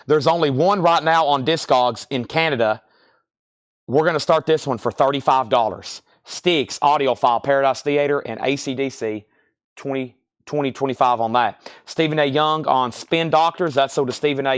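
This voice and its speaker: Brisk man hosting a record auction. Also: medium pitch, dry recording, clean studio sound. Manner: brisk, repeats titles and prices, chatty asides. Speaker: live sale host. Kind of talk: live-stream record auction patter.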